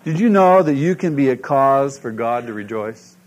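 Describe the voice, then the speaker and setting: A man preaching a sermon as pastor, animated and asking the congregation questions. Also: medium pitch, moderate pace.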